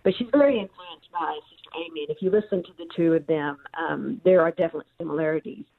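Woman author on a phone line, lower-pitched, story-telling with many ums. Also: fast, vocal fry, crowd noise. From central Missouri. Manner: thoughtful storyteller with frequent ums. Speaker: author and guest. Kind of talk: phone interview.

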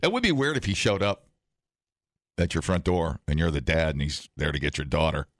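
Co-host, male, very low voice with a lively, swinging delivery, loose chatty riffs, dry close sound. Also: brisk, dry recording. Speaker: podcast co-host. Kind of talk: casual chat.

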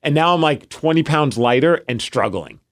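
Podcast co-host, male, thirties, animated storyteller, fairly high lively voice. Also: normal speed, dry recording, clean studio sound. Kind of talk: casual chat.

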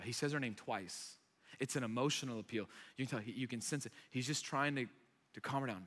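Man, 30s, pastor. Animated storyteller, bright and forceful tone, echoey hall. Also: medium pitch, quick pace. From United States. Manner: animated storyteller, acting out voices. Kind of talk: sermon. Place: large church hall.

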